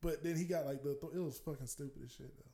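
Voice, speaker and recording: A man's voice: on the high side, fairly even intonation, fast talker, gravelly, mellow, echoey room. A man co-hosting a casual group chat, telling stories animatedly and laughing often. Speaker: podcast co-host.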